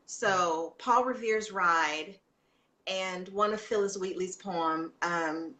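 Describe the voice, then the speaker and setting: Woman rambling through stories w fillers, bright voice, echoey room. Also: lowish voice, takes it slowly. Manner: chatty storytelling, frequent fillers and restarts. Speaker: guest, homeschooling mother. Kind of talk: casual interview chat.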